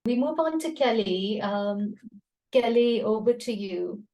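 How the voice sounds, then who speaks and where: A woman hosts a poetry evening over a video call in a mellow, soft tone. She talks hesitantly with frequent fillers, and her voice sounds roomy and echoey. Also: on the high side, animated, a little slow. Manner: hesitant, filler-heavy, appreciative. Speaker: event host. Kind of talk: hosting an online poetry evening.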